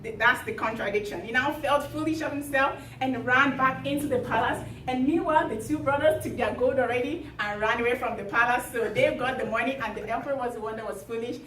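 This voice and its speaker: A woman retelling a fairy tale to a group, chatty and lively with many fillers. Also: on the high side, a little fast, few pauses, slight background noise. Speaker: storyteller. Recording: echoey room from far off.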